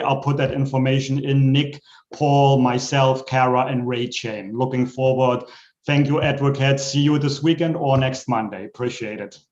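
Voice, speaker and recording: A man's voice: on the high side, darkish tone. A man from New York at an online open mic, reading a silly rhyming poem in a playful, self-mocking way over a webcam. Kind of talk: rhyming comic poem recitation. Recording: roomy, dull online call audio.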